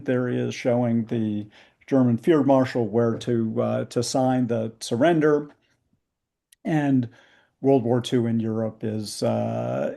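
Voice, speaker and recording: A man, an author, narrating history over slides on a video call, with many pauses and fillers. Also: mid-range voice, vocal fry, dark tone. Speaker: book author. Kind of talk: book talk presenting slides.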